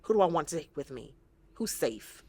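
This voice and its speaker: A woman's voice: low voice, big pitch swings, brisk, a little mellow, slightly rough, no echo. A woman therapist guesting on an interview, talking earnestly and reflectively and sometimes acting out the voices she quotes. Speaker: trauma-focused therapist, guest.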